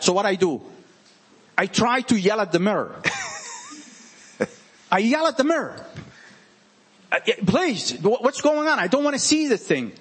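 A man with a French accent gives an informal sermon to a small group, his voice high for a man and a little husky. He swings his pitch widely and keeps hammering his points through repetition. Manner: animated, repetitive and emphatic. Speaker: preacher.

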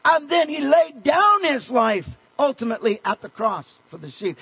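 High, husky-voiced male preacher. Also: expressive, normal speed, hardly any pauses, rough recording. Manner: earnest preaching, dropping to a hush for tender points. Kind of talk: sermon.

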